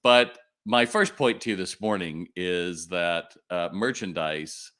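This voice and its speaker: An older man hosting a live webinar, chatty and animated, telling a story and acting out the voices in it. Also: low-pitched, slow, clean tone. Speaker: retail sales trainer and webinar host.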